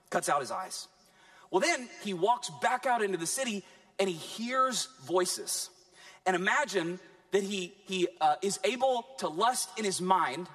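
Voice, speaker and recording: A man preaching a sermon as pastor, animated, with dramatic pauses and emphatic build-ups. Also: sits high.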